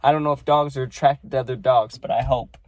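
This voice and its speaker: A sad, subdued man rambles casually to his viewers with lots of fillers. His voice sits in a middle pitch. The sound is dry and close, with no room echo. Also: steady tone, quick pace, darkish tone. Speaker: vlogger. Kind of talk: casual vlog talk.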